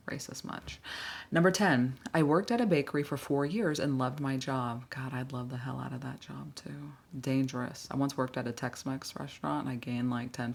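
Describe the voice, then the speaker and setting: A woman with an extremely low-pitched voice gives casual, blunt reaction commentary on workplace stories. She sighs often and drops exasperated asides.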